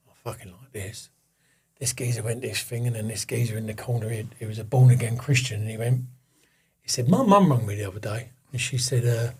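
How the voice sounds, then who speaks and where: A man guest with a husky voice, telling a candid, sweary personal story in casual chat and acting out the voices of the people he quotes. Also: medium pitch, a little mellow.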